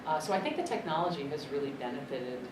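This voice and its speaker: Low-voiced woman, chatty convention guest. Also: fast. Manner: chatty and expressive, thinking aloud. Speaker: voice actor and dub director, interview guest. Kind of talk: press interview answers at a convention. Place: convention press room. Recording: echoey convention room, distant mic, loud background noise.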